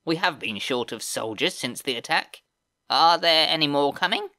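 A man's voice: on the high side, expressive, moderate pace, pushed and bright, no room sound, studio quality, pitched above the performer's own voice. A man voicing a sneering male goblin camp boss with a screeching, whiny voice, in an audiobook reading. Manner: sneering, contemptuous.

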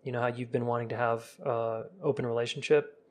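A man coaching on relationships in a relaxed, casual live-stream chat, talking straight to viewers and softening his voice when he acts out calm sample talks. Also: medium pitch, brisk.

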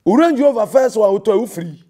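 A man's voice: high-pitched, lively intonation, a little fast, dark tone. A Ghanaian man, a pastor, delivering a heated and confrontational rebuttal that scolds a rival and mixes in English phrases.

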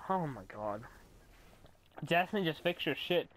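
A young man giving casual commentary while playing a video game, swearing and yelling in frustration. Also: on the high side, expressive, a little slow. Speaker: gamer commentator.

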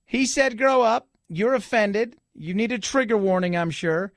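A man's voice: high voice, unhurried, no room sound, clean studio sound. A middle-aged man hosting a radio talk show, chatting casually with joking, sarcastic asides. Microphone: studio microphone.

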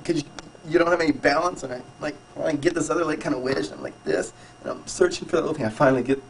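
Man telling a story, animated, quick, fillers, picked up by a distant camcorder mic. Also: on the high side. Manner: animated, gesturing, with many fillers and restarts. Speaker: skydiver recounting his jump. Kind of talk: casual home-video storytelling. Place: private home. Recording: 1990s home camcorder, mic at a distance, faint noise.

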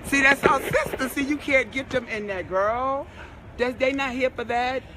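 A man's voice: extremely high pitch, moderate pace, sharp tone. A man sharing a live stream outdoors, chatty and affectionate, greeting viewers by name. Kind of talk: casual livestream banter. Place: outdoors on a city street. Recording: noisy outdoor street audio. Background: traffic and street noise.

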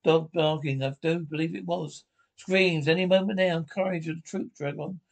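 Man reading a drama aloud, fairly high voice. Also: steady tone, a little fast, gravelly, low-quality recording. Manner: reads character lines in his own voice with stage cues. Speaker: audio description reader. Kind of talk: reading an audio-described drama with all the voices.

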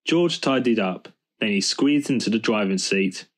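A man reading a children's storybook aloud in a calm, measured narration. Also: fairly low pitch. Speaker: storybook reader.

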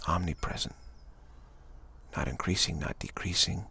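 A man giving a rambling, gentle spiritual talk, full of repeated phrases and "you know.". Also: low voice, moderate pace, creaky, slightly rough. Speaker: spiritual speaker.

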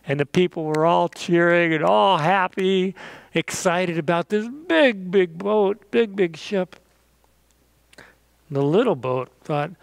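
Slow, high-voiced man telling a children's story. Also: creaky, clean tone, dry recording. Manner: gentle, animated storytelling with sound effects. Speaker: pastor.

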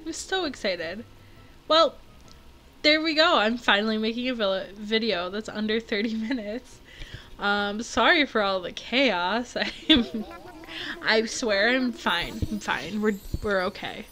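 A young woman giving rambling, giggly, excitable casual commentary while she plays a video game, with faint game music behind her. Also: mid-range voice, takes it slowly. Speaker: gaming video creator.

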